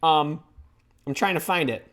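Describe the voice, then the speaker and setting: A middle-aged man hosting a live career advice stream from home, talking in an excitable, scattered way as he reads the chat. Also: a little high, unhurried. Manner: energetic, excitable, scattered while reading chat. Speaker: host.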